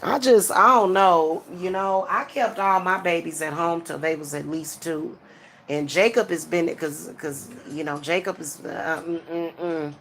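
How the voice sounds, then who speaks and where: A woman's voice: on the low side, steady tone, measured pace, fairly bright tone, slight background noise. A middle-aged woman, talking frankly and casually to her viewers, with many restarts and fillers. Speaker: spiritual advisor and channel host.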